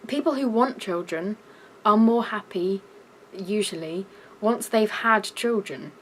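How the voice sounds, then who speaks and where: A young woman with a British accent ranting in a vlog, shouty and exasperated. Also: medium pitch, a little slow, slight background noise, low-quality recording. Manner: shouty, exasperated, breaks into laughs. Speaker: vlogger.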